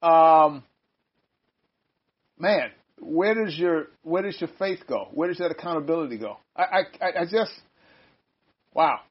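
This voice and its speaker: An older man leading a casual Bible study, chatty and quick to laugh, often breaking off his own sentences. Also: on the high side, breathy edge. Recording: dull lo-fi sound.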